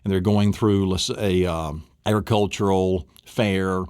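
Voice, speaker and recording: A man's voice: low voice, fairly even intonation, a little slow, a little mellow, smooth, no room sound, clean studio sound. A man teaching a recorded memory lesson, enthusiastic and coaching, drilling the listener.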